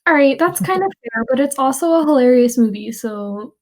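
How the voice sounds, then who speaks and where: Bubbly high-voiced young woman. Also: animated, a little mellow. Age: young adult. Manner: bubbly, giggly, quick asides. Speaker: student club officer. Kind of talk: casual chat.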